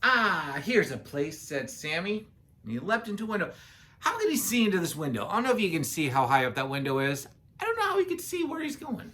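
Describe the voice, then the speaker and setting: A woman's voice: on the low side, wildly swooping pitch, quick pace. A woman reading a children's picture book aloud, adding playful, chatty asides to young listeners. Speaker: children's story reader.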